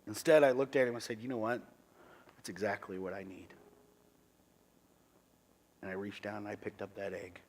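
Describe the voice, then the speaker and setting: A middle-aged man, a pastor, giving a sermon testimony in an earnest, halting way with many restarts. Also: fairly low pitch, steady tone, a little mellow, a little hiss or hum.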